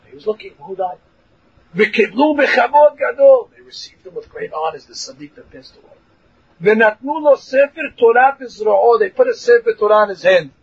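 A man teaching a Torah lesson in a lively, animated way, mixing Hebrew and English, acting out voices and laughing along the way. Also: extremely high pitch, moderate pace, husky. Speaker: rabbi teaching a class. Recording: dull lo-fi recording.

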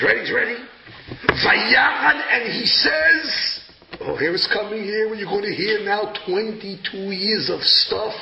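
A man teaching a lively religious lesson, acting out verses with sudden loud emphasis. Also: high-pitched. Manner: dramatic, acts out verses, bursts of loud emphasis. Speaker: rabbi teaching a class. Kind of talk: animated Torah lesson. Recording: echoey room, dull lo-fi sound with clear background noise.

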